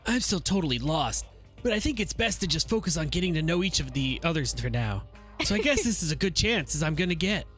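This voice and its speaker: A VTuber streamer reading a visual novel aloud and chatting with a co-host in a brisk, matter-of-fact way. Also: medium pitch, sing-song, fairly bright tone, faint music behind.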